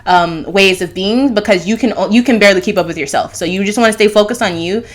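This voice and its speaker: Talking fast at a medium pitch, this woman delivers a casual monologue on her astrology channel. She rambles loosely from thought to thought, with fillers and restarts.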